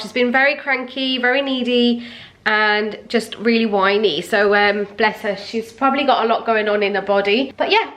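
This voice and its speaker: A woman's voice: a little high, a bit bright. A young woman chatting casually to camera as a mum vlogger at home. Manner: chatty, sing-song baby talk with her toddler. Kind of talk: casual vlog chat.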